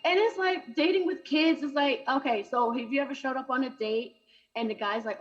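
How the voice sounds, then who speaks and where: Woman, stand-up comedian, fairly high voice, punchy chatty delivery, dull lo-fi stream audio. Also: a little fast. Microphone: video call.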